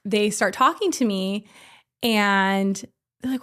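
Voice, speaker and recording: A woman in her thirties chats as a podcast guest. Her voice sits at a medium pitch, and she tells her story in an animated way. She laughs easily and shifts her voice to act out the people she quotes. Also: takes it slowly, clear, resonant tone. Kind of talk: casual storytelling.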